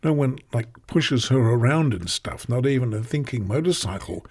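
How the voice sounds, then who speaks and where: A man's voice: mid-range voice, expressive, moderate pace, darkish tone, slightly rough. A man narrating a comic audiobook with chatty, offbeat asides.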